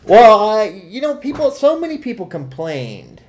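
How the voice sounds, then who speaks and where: A man's voice: high-pitched, sing-song, moderate pace. Man narrating comic fan fiction. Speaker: podcast co-host.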